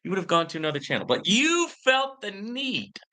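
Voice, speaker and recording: A male show host reading out a viewer's comment and answering it with slow, mocking, sarcastic taunts. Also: high voice, wildly swooping pitch, sharp tone. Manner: sarcastic, teasing, drawn-out taunts.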